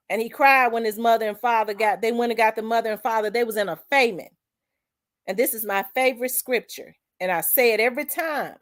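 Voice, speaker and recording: A woman's voice: a little high, a little fast. Emphatic woman preaching to her channel. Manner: repetitive, emphatic, scripture-quoting, colloquial. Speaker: channel host. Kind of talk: emotional preaching-style monologue.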